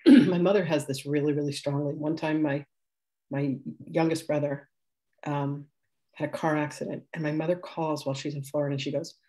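A woman's voice: low voice, fairly even intonation, moderate pace, dark tone. A woman in her sixties, a spiritual teacher giving a live class demonstration, chatty and rambling, laughing often and correcting herself as she tells stories.

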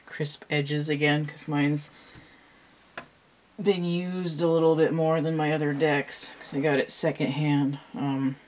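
A woman's voice: deep voice, little pitch movement, unhurried. A woman hosting her own channel, explaining a card layout in casual, rambling talk with many fillers and restarts. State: slightly out of breath. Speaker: channel host and tarot reader. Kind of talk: casual show-and-tell talk to camera.

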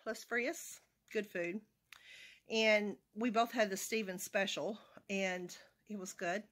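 A woman chats loosely to her viewers, wandering from one thought to the next. Her voice sits at an ordinary middle pitch, and her talk is easygoing and full of asides. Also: steady tone, slow. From Arkansas, USA. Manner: rambling, chatty, talks to her cat in a soft baby voice. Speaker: vlogger. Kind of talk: casual vlog chat.

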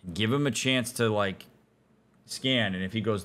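Blunt, emphatic therapist gamer. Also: male voice, fairly low pitch, normal speed, fairly bright tone. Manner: emphatic, blunt advice-giving. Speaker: therapist and gaming host. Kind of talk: casual let's-play commentary.

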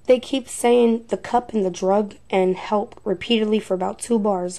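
A woman's voice: mid-range voice, steady tone, moderate pace, few pauses, warm tone. A woman reviewing ghost recordings, thinking aloud in a hesitant, unsure way. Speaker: paranormal investigator.

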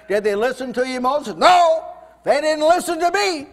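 A man preaching a sermon at a house church, fervent, his voice rising loud when he voices God and Moses. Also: extremely high pitch, normal speed, in a large hall. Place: house church meeting room.

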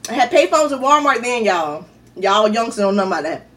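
A middle-aged woman tells a story in a chatty, animated way. Her voice sits high and leaps around a lot. She keeps turning to her viewers as she talks. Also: fairly quick, far from the mic. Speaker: vlogger. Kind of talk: casual storytelling.

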